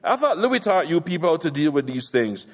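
A foul-mouthed gangster rants in a boastful, mocking way, as a man puts him on. His voice sits somewhat high for a man. A long reverb from a hall trails every line. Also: very animated, fairly quick. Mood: scornful.

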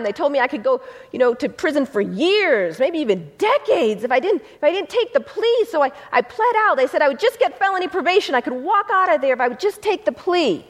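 A woman's voice: high voice, lively intonation, brisk, pitched above the performer's own voice. A woman retelling the pleading words of a distraught young man, a former felon.

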